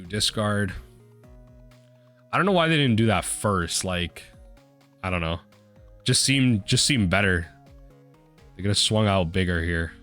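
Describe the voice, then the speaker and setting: Casual male gamer with a lowish voice, narrating his card game with excited bursts, faint music underneath. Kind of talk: live card game commentary.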